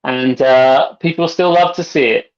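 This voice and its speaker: A man co-hosting a casual video-call cocktail chat, excitable and swearing. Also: medium pitch, a little slow, dull audio. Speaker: co-host.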